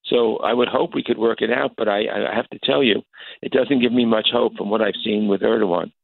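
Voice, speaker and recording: An older man, a congressman, answering interview questions over the phone, halting with many fillers and restarts. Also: lowish voice, steady tone, creaky, no room sound. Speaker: congressman guest. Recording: tinny phone line.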